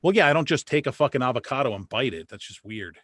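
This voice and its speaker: A man's voice: medium pitch, animated, fast talker, a bit bright, no room sound, clean studio sound. A man hosting a casual talk show, blunt and profane, often restarting his words. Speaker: podcast host. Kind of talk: casual chat.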